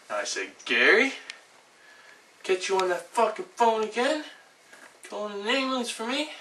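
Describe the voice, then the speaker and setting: Brief: man impersonating a profane, bragging chicken catcher, rough rant, roomy echo with faint background hum. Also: lowish voice, sharp tone. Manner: profane ranting storytelling. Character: foul-mouthed rough male chicken catcher, boastful. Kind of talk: recited monologue impression. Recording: roomy, distant, faint ambient noise.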